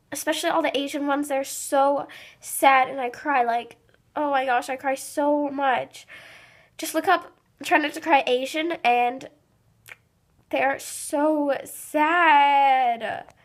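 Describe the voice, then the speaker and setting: Teen girl vlogger, high bright voice, chatty, reads quiz out loud. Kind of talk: casual vlog narration.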